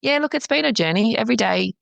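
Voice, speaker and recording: A middle-aged woman, a counsellor and business founder, chatting as a podcast guest in an animated way and acting out her own past thoughts. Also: fairly high pitch, fast, vocal fry, no echo. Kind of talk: casual interview chat.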